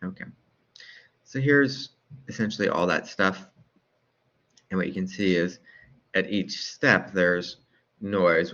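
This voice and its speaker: A man with a very low voice talks through lecture slides in an easygoing, informal way. He keeps asking rhetorical questions and checking in with "right?". The recording sounds dull and lo-fi. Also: a bit bright.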